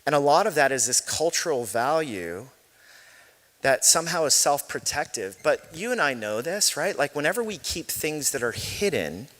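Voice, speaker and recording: A male pastor preaching a sermon in a relaxed, conversational storytelling way, with self-deprecating jokes. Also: fairly high pitch, normal speed. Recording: echoey large hall.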